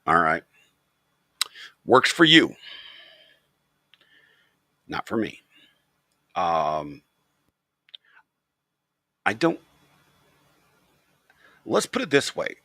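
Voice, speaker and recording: A deep-voiced man rants to the camera with blunt, profane conviction. His voice is rough and husky, yet sharp and forceful, and it leaps up and down a wide range. The sound is dry and close, with no room around it. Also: big pitch swings, drawn-out words, long pauses, no echo. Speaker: channel host. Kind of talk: casual opinion rant to camera.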